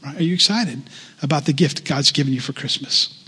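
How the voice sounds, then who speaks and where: Male pastor, casual conversational sermon, slightly high voice, reverberant church hall. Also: brisk, pushed and bright, breathy edge. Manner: conversational, asks the congregation questions.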